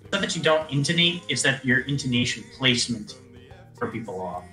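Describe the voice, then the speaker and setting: A man on a voice call, calmly explaining a point at length like a small lecture, with ums along the way. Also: mid-range voice, brisk, echoey room, faint music behind, poor audio. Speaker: guest player on a call. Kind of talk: casual chat on a game stream.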